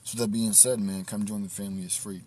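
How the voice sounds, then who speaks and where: A man's voice: lowish voice, fairly even intonation, dark tone, a little hiss or hum. Laid-back man talking outdoors at night. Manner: laid-back, reflective, drawn-out talk. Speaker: livestream host. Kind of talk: casual livestream monologue.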